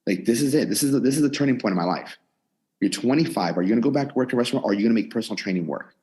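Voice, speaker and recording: A man's voice: mid-range voice, rapid-fire, husky. A man in his twenties, a gym owner and personal trainer, telling his story in a casual interview and acting out what he and others said. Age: 20s. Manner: animated storyteller, quotes himself and others. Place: his gym in a converted storage unit.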